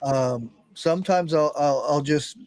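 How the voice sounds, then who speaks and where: A man who is a panel guest, speaking in an easygoing way and often halting and restarting his sentences. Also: a little high, a little mellow, no room sound, rough recording. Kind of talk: casual panel chat.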